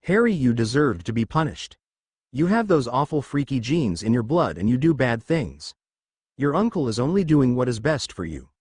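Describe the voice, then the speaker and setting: Man voicing a cold, scolding aunt in an audio story. Preachy, animated. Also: moderate pace, breathy edge, no room sound, clean studio sound. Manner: scolding, shrill. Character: prim, cold middle-aged aunt.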